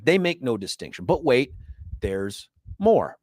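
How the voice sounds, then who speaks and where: A man's voice: mid-range voice, big pitch swings, a little slow, darkish tone, no room sound. A man hosting a talk radio show, delivering an opinionated, sarcastic monologue and mocking others in put-on voices, on a studio microphone.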